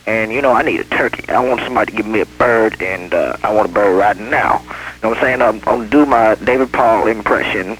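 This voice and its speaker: A man's voice: lowish voice, fast, fairly bright tone, breathy edge, low-quality recording. A man calling a radio show, rambling and pleading for a turkey. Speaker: radio caller.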